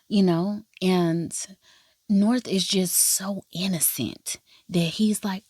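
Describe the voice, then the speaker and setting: A woman's voice: lowish voice, fairly even intonation, slow, warm tone, husky, no echo, clean studio sound. A woman recapping a drama episode in casual chat, sassy and slangy, acting out the characters' lines. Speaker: drama reviewer.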